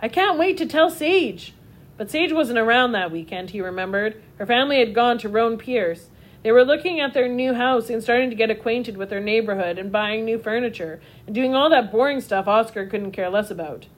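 A woman narrating a children's storybook in a steady, expressive reading voice. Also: a little high, a little fast.

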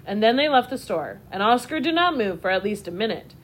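A woman narrating a children's storybook in a steady, expressive reading voice. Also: mid-range voice, brisk.

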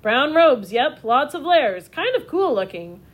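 A woman's voice: high voice, very animated, unhurried, highs cut off, pitched above the performer's own voice. A woman reading a storybook, voicing an eager young boy who is a shopkeeper's son, in a raised, bouncy voice. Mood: glum.

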